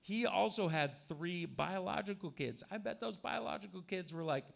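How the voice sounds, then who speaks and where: A man's voice: sits high, moderate pace, creaky. A man doing a crude, provocative stand-up set in a comedy club. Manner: crude, provocative, jumps into mocking voices.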